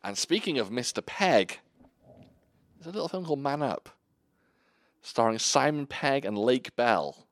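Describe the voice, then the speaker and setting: A man co-hosting a casual podcast chat about films, animated and swearing freely, laughing easily. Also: medium pitch, measured pace, long pauses, no room sound, clean studio sound. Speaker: podcast co-host.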